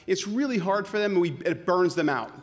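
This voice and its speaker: A man's voice: high voice, animated, a little fast. Sarcastic male keynote speaker in a hall. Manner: sarcastic, punchy comic delivery. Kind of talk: comedic keynote talk. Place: conference hall. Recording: long hall reverb.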